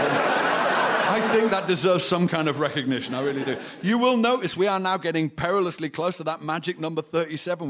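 A man's voice: fairly high pitch, fairly bright tone. A middle-aged man from England, doing a wry, sardonic stand-up comedy monologue. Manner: wry, sardonic storytelling to a laughing audience. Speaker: comedian host. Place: live venue with audience. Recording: radio broadcast of live show.

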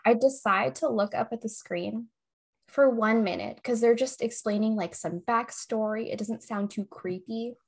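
A woman's voice: fairly high pitch, normal speed, gravelly, slightly rough. A woman co-hosting a casual podcast, telling a scary story with suspense, swearing freely and breaking into giggles. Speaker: podcast co-host.

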